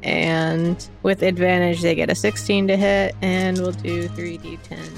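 A woman running a tabletop role-playing game as game master, briskly narrating the rolls and often laughing. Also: fairly low pitch, little pitch movement, gravelly, soft background music.

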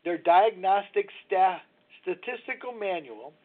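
A man's voice: high voice, lively intonation, measured pace. A man in his sixties hosting a recovery talk show, rambling and confessional, chuckling as he goes. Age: 60s. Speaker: radio show host. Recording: tinny phone-line sound.

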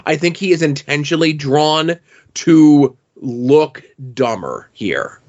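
A man's voice: fairly high pitch, expressive, slow pace, a little mellow. Hesitant man analyzing comic art, lo-fi. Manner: thoughtful, hesitant, many fillers. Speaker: podcast co-host. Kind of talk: casual comic book analysis. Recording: dull lo-fi podcast audio.

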